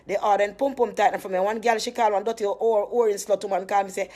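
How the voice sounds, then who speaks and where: A woman's voice: mid-range voice, fairly even intonation, fast talker, few pauses, a little mellow. A woman with a Jamaican accent ranting to her viewers, indignant and rambling, swearing freely as she sells skin cream. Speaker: vlogger selling skin cream. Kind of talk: casual rant to camera.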